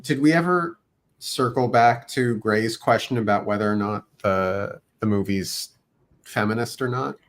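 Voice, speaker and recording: A man's voice: lowish voice, unhurried. A man in a casual online film discussion over a video call, tentative and apologetic. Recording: faint background noise.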